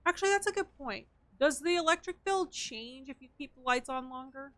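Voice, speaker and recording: A woman's voice: sits high, expressive, a little fast, a bit bright, no echo. A young woman streaming a game, chatting casually to her viewers and muttering counts and item names as she plays. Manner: chatty, muttering counts and items while playing. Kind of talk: casual gameplay streaming chat.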